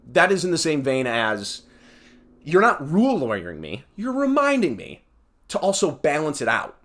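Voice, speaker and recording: A man's voice: on the high side, huge pitch swings, normal speed, fairly bright tone. A young man hosting a solo podcast, ranting in a heated, exasperated way with sarcastic asides. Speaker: podcast host.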